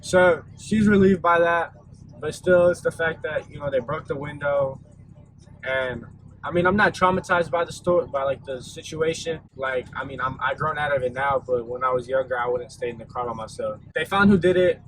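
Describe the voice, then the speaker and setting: A man's voice: fairly high pitch, moderate pace, a bit bright, rough recording. A young man casually telling a storytime vlog, laid-back and rambling with lots of fillers. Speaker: vlogger. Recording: audible background noise.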